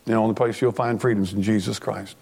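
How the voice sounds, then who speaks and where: A man's voice: fairly low pitch, steady tone, fast talker, creaky, darkish tone, slightly rough. A middle-aged man preaching a sermon as pastor, earnest and plainspoken, often restarting his sentences.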